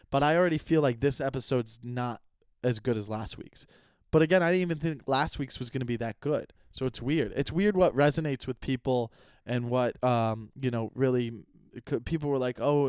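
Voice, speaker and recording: Medium in pitch with a darkish, clear, resonant tone, this young comedian's voice is captured in a dry, clean studio recording. Alone on his own podcast, he rambles casually, mocking himself and cursing often.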